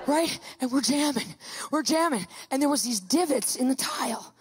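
High-voiced woman telling a comic story. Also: moderate pace. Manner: animated, emphatic, dramatic retelling.

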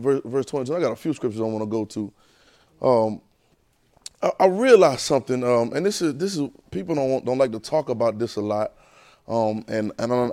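A man preaching a sermon, telling a childhood story with lively, animated delivery. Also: medium pitch. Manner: animated storyteller, rising to excited near-shouting.

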